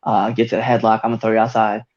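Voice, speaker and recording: A man's voice: fairly low pitch, level tone, very fast, a little mellow, muffled recording, slight background noise. Laughing man hosting a wrestling podcast. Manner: laughs often while telling stories. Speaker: podcast host. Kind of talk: casual wrestling chat.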